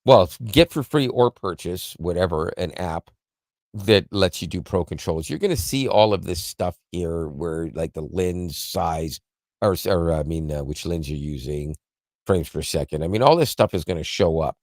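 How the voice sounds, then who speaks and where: Deep-voiced man rambling about tech. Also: moderate pace, a little mellow, no echo, studio quality. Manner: rambling, self-correcting, chuckles often. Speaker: podcast co-host explaining tech. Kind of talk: casual tech podcast chat.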